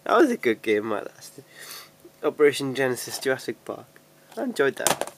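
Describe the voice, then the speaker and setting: Young guy, home vlogger, rambling and self-mocking, mid-pitched voice, faint room noise. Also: sing-song, a little fast. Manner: chatty, self-deprecating, laughs often, many restarts. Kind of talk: casual rambling vlog chat. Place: at home sorting DVDs.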